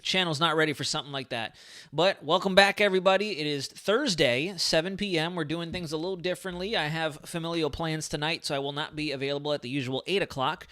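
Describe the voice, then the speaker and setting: A man hosting a live weather stream in a casual, excitable, rambling way, his speech a little slurred from a sore lip. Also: on the high side, fast. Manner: chatty, excitable, rambling asides. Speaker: weather livestream host. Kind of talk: casual livestream weather talk.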